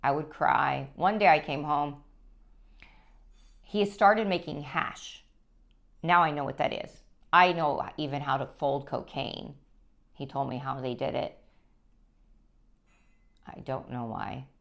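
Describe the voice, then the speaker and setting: A woman sharing her personal story as a guest, speaking earnestly and haltingly, with frequent restarts. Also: deep voice, creaky, a bit bright. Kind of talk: personal testimony.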